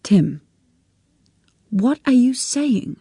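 A tearful middle-aged mother pleading in her own defense, as a woman reader voices her. She speaks slowly, recorded close and dry. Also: on the high side, expressive, a little mellow, no room sound, voice pushed up, heavily acted. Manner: pleading, emotional.

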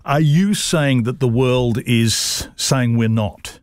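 Brisk man hosting a radio interview. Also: mid-range voice, clean tone, no room sound, clean studio sound. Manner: brisk, probing questions. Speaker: morning radio host.

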